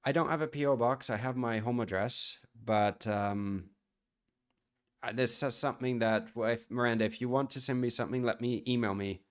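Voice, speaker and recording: A man's voice: medium pitch, normal speed, smooth. A man from the United States, a chef chatting casually on a live stream and answering viewer questions in a rambling way.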